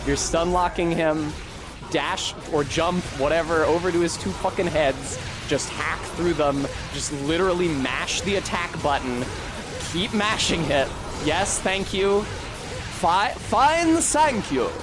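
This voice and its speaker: A man's voice: a little high, measured pace. A streamer talking through a boss fight, swearing and grumbling at the game as he plays. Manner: swears often, frustrated outbursts at the boss. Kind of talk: casual gameplay commentary. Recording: game music behind the voice.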